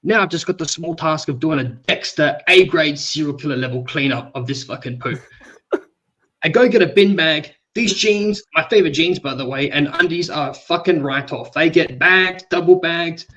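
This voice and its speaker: A man with an Australian accent, hosting a stream and telling a long, crude, animated story full of swearing. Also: a little high, moderate pace, lo-fi sound. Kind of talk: casual chat, storytelling.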